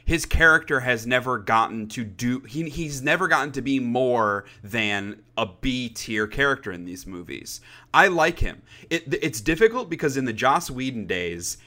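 A young man co-hosting a podcast, talking in a rambling, animated way and swearing casually. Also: medium pitch, moderate pace. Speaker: podcast co-host. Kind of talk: casual chat.

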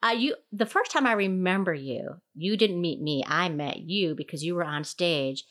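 A woman's voice: on the low side, lively intonation, moderate pace, hardly any pauses, a bit bright. A woman hosting a podcast, chatting casually and laughing easily with a longtime friend. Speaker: podcast host. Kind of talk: casual conversational interview.

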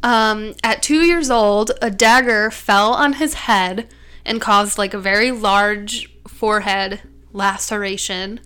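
A woman's voice: medium pitch, slow, a bit bright, clear, resonant tone. A young woman co-hosting a podcast, chatting casually about a true-crime story with lots of "like" and "um". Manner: chatty, many fillers like "like" and "um". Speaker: podcast co-host.

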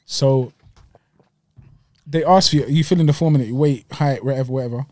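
A man's voice: mid-range voice, moderate pace, mellow, dry recording. A man chatting as a podcast co-host, slangy, rambling and jokey. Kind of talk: casual banter.

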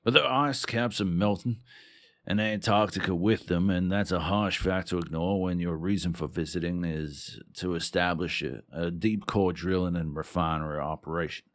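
A wary male expedition member telling his story in a broad Texan Southern drawl, as a man puts it on. The voice sits very low and the reading is slow and deliberate. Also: steady tone, dry recording, clean studio sound. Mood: earnest. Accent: put-on Texan Southern drawl. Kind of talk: reading fiction aloud.

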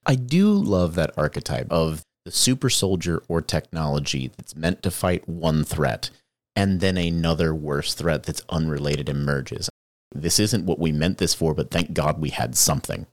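A man's voice: extremely low pitch, animated, normal speed, dry recording. A man co-hosting a casual podcast, recapping a show episode with wry jokes and asides. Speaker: podcast co-host.

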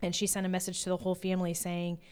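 A woman in her forties with a voice a touch low for a woman. She tells a family story in relaxed chat, giggly and lively. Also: racing, clear, resonant tone. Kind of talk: casual chat.

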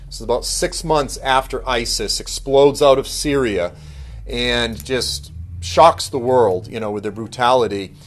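A middle-aged man talking in a relaxed, conversational way, full of "you know" and "um". His pitch sits in the ordinary middle range for a man. He jumps into animated impressions of other people now and then. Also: unhurried. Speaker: speaker giving a ministry update. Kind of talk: casual storytelling talk.

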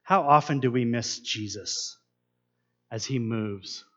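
A man's voice: medium pitch, slow, a bit bright, dull audio. A man preaching a sermon, earnest and asking his listeners many questions. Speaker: pastor.

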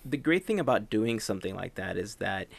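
A man talking earnestly in a relaxed podcast chat, his voice at an ordinary pitch. The sound is dry and close, with no room around it. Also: brisk, vocal fry, no room sound. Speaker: podcast co-host. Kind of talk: casual chat.

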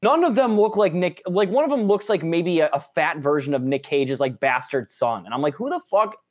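A man's voice: a little high, brisk, muffled recording. A man on a podcast, reviewing a film in casual chat, incredulous and swearing a lot. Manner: animated, profane, incredulous. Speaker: podcast co-host.

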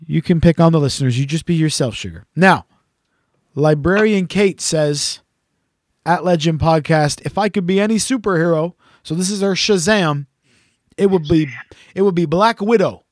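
A podcast co-host with a somewhat high voice reads listener messages in a casual chat at normal speed. He teases and rambles, full of ums, fillers, and restarts. The recording is dry and close, with little room sound.

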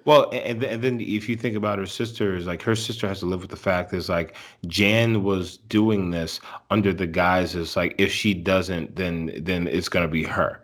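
Low-voiced man rambling casually. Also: steady tone, a bit bright. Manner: rambling, halting, profane. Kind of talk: casual chat.

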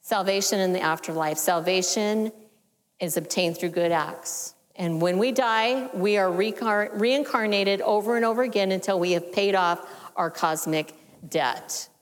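A woman gives a church teaching in a measured, explanatory way. Her phrases often sink soft and low at the end. Her voice carries a long reverb, as in a large hall. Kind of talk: sermon teaching.

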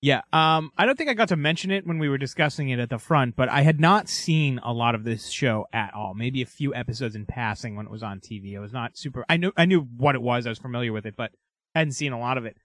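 A man's voice: medium pitch, fast talker, fairly bright tone, no echo. Emphatic man chatting on a podcast, dry sound. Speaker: podcast co-host. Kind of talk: casual chat.

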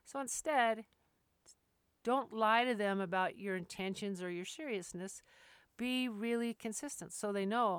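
Plainspoken woman dog trainer, smooth voice. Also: mid-range voice, unhurried, no room sound. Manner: plainspoken, acts out dog and owner voices, laughs often. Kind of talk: casual instructional talk.

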